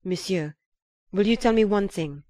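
A woman voicing an earnest, humble young Frenchman who speaks with quiet, pleading insistence. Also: mid-range voice, normal speed, dry recording, clean studio sound, lightly acted.

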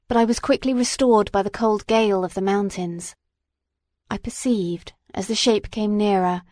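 A woman reading a classic novel aloud, measured and dramatic. Her voice sits at a middle pitch. The recording is dry, with no room sound. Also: warm tone, dry recording. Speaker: audiobook reader. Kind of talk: scripted narration.

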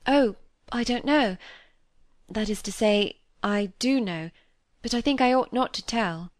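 A woman reading an earnest, gentle young girl. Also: on the high side, unhurried, dry recording, voice pushed up, natural voice. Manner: grave, simple, earnest. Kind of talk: reading a classic novel aloud.

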